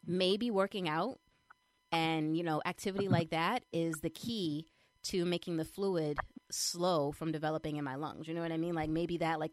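Young adult woman, lower register, casual animated storyteller, dry close sound. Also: no room sound. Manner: chatty, animated retelling with lots of fillers. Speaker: vlogger sharing a personal update. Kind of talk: casual chat.

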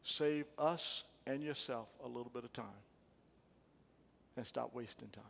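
A man's voice: medium pitch, a little slow, creaky, long reverb tail, slight background noise. A man preaching a sermon as pastor, repeating phrases emphatically and calling the congregation to respond. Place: church sanctuary.

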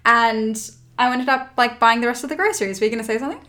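A woman's voice: a little high, quick pace, sharp tone. A woman hosting a casual chat, telling a personal story candidly, with emphatic swearing. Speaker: podcast host.

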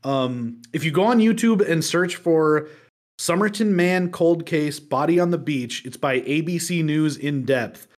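A man co-hosting a casual podcast chat, animated and quick to laugh, trying out jokey mock accents. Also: fairly high pitch. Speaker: podcast co-host.

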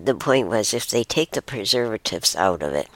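A woman, hosting a casual solo talk show and rambling with frequent giggles and soft, half-whispered asides. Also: rumbling low, expressive, normal speed, no room sound. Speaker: podcast host.

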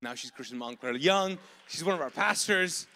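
A man preaching a live sermon as pastor, telling stories in an animated way with sudden loud outbursts of excitement. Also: a little high, moderate pace. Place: large church auditorium. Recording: long hall reverb from live church service.

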